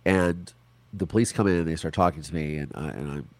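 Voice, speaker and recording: A man in his forties, an interview guest, telling a personal story in a casual, animated way, acting out other people's lines. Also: rumbling low, brisk, no echo. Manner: animated, quotes people in put-on voices, swears.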